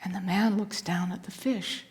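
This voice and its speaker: A woman telling a story in a soft, hushed voice that often drops to a whisper, with a repeating, rhythmic cadence. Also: medium pitch, steady tone, moderate pace, big-room sound. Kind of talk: slow spoken-word storytelling.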